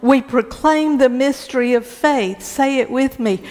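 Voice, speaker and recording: Woman pastor, sermon, slow deliberate delivery, fairly high voice, long hall reverb. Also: a little mellow. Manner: slow, deliberate preaching with frequent repeated words.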